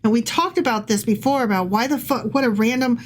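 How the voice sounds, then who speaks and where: A woman's voice: fairly high pitch, brisk. A woman co-hosting a podcast, mixing casual, swearing chat with reading passages aloud. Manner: chatty, swears, laughs easily, lots of likes and restarts.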